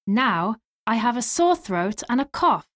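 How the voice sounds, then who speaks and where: A woman's voice: fairly high pitch, very animated, a little slow, a bit bright. An actress as a chatty young woman patient.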